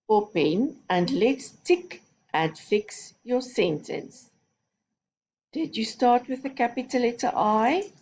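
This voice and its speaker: A woman's voice: mid-range voice, gravelly, a little mellow, a little hiss or hum. A woman teaching a recorded phonics lesson to young children, giving patient, step-by-step instructions. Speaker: primary school teacher.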